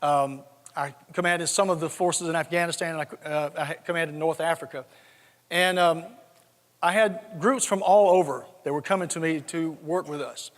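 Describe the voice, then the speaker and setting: A folksy older man from South Georgia speaks with a Southern accent and a fairly high voice. He tells funny stories to an audience. A long reverb rings around him in a big conference hall. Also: fairly even intonation, moderate pace, fairly bright tone. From South Georgia, USA. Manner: folksy, humorous storyteller. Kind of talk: storytelling keynote with jokes.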